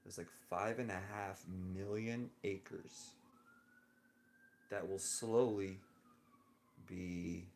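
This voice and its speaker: A man's voice: sits low, steady tone, very slow, pauses often, a little mellow, a little hiss or hum. A man vlogging a rambling personal monologue, musing and drifting between thoughts with frequent chuckles, lying in bed indoors.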